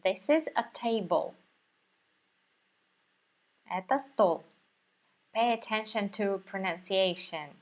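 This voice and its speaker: A woman's voice: mid-range voice, expressive, takes it slowly, long pauses. A woman with a Russian accent teaching a language lesson, patiently repeating words for learners. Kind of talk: slow, careful language lesson.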